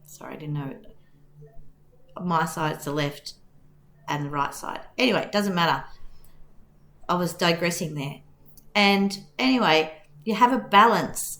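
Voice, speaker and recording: Woman tarot reader, reassuring and meandering, a bit hoarse, recorded in an echoey room. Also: fairly low pitch. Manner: gentle, reassuring, rambling. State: losing her voice. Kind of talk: tarot reading to camera.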